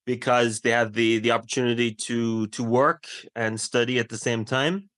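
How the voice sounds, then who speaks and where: A man with a Cork Irish accent, an English teacher chatting casually in a measured way with frequent ums. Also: medium pitch, fairly even intonation, a bit bright, dry recording. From Ireland. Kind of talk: casual conversation.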